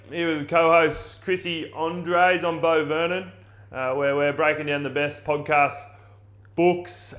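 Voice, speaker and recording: Australian male podcast host, middle-aged, bright and excitable, casual chat with swearing. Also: on the high side.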